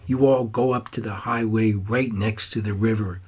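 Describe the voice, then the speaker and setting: A man's voice: on the low side, fairly even intonation, moderate pace, a little mellow, husky. A man voicing a troubled teenage boy who writes and talks to his grandfather in an earnest, wistful way.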